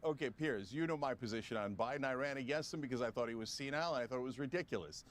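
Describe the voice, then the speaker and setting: A man's voice: mid-range voice, racing, slight background noise. A man speaking as a political commentator guest in a heated televised debate, combative and scoffing, talking over the others.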